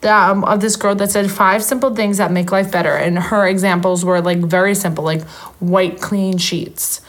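A woman's voice: medium pitch, steady tone, moderate pace. A young woman co-hosting a podcast, chatting casually and rambling with frequent self-corrections. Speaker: podcast co-host. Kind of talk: casual chat.

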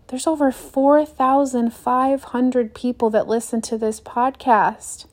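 A young woman from the US hosts a motivational podcast alone, her voice on the high side with a darkish tone. She stays earnest and upbeat and plays out brief quoted scenes.

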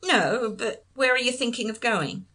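A man's voice: extremely high pitch, expressive, unhurried, bright, forceful tone, voice pushed up, exaggerated voice. Woman reading as a dry middle-aged husband. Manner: dry, pointed.

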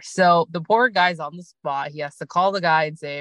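A woman hosting a podcast, talking in a chatty, casual way from inside her car and breaking into quick impressions of the people she describes. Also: low voice, no echo. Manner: chatty, animated, mimics people in quick asides. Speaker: podcast host recapping reality TV. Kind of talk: casual recap chat.

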